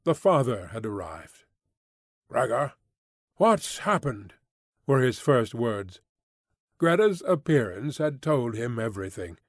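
A man narrating a classic novella as an audiobook reader, measured and expressive. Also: medium pitch, no room sound, studio quality. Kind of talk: scripted literary narration.

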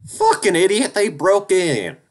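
A man voicing a hot-tempered, foul-mouthed male weasel thug in a read-aloud story, with a grating, nasal voice and constant yelling. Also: lowish voice, lively intonation, unhurried, voice pushed up. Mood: screaming. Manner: yelling and cursing. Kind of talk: audiobook-style story reading.

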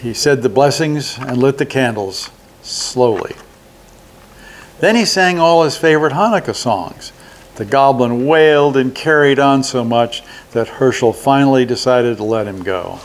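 An older man reads a children's holiday story aloud at an unhurried pace. His own voice is in a middle range, steady and deliberate between the character parts. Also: medium pitch. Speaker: resident reading a story.

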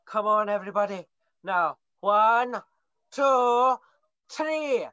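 A young woman voicing a brave, gruff little male cinnamon bear in a school play, bossy and mock-ferocious. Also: mid-range voice, expressive, takes it slowly, a bit bright, no echo, highs cut off. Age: young adult. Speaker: student actor. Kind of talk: stage play acting.

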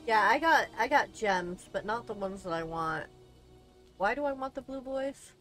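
A woman's voice: on the high side, expressive, moderate pace, a bit bright, faint music behind. A woman from the United States streaming a game, chatting casually with profane, joking banter. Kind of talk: casual let's-play chat.

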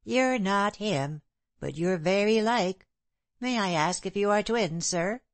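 A woman voicing a humble, timid working-class widow who pleads and apologizes, raised a little above her own lower voice. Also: lively intonation, takes it slowly, no room sound. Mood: timid pleading. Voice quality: ungrammatical, pleading speech.

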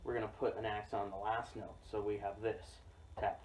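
A man teaching a drum rudiment in a relaxed, explanatory way, often checking in with "okay?". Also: on the low side, brisk. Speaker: drum instructor. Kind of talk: casual instructional demo. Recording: distant mic with loud noise and drum clicks.

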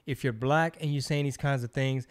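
A man's voice: medium pitch, steady tone, moderate pace. A man hosting a podcast, talking in a casual, slangy and opinionated way. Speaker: podcast host.

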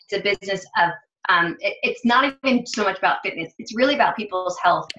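A woman who works as a fitness and nutrition coach, telling a story in a chatty, animated way. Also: medium pitch, fast, roomy sound, highs cut off. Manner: chatty, animated, acts out quoted dialogue. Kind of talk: casual storytelling vlog.

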